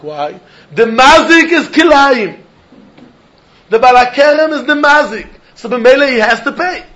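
Man, very high voice, Talmud lesson, lively questioning delivery, dull lo-fi sound. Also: unhurried. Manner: lively, questioning, uses Yiddish and Hebrew terms. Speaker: Talmud teacher. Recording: dull lo-fi recording.

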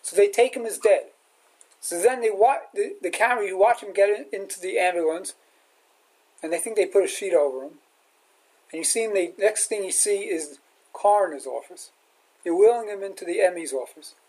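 A man's voice: high-pitched, a little fast, slightly rough, low-quality recording. Man, rabbi, sermon, storytelling, acts out quotes. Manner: animated storyteller acting out quotes. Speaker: rabbi teacher.

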